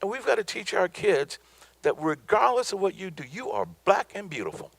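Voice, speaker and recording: A man's voice: sits high, very animated, moderate pace, gravelly, noisy background. A middle-aged man from the American South giving a motivational business talk, emphatic and preacherly, repeating his points for effect. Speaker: business speaker.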